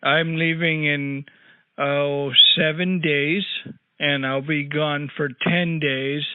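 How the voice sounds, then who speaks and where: A man's voice: on the high side, level tone, slow pace, clear, resonant tone, no room sound. A man doing a cranky rambling old caller on the phone. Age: older. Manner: rambling, crude, grumbling asides. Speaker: prank caller. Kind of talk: prank phone call. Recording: tinny phone line, dry.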